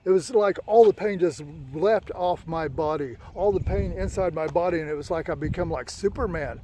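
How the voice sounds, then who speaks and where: A man telling an emotional personal story in a casual, profane way, full of excited sound words like boom and bam. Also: moderate pace.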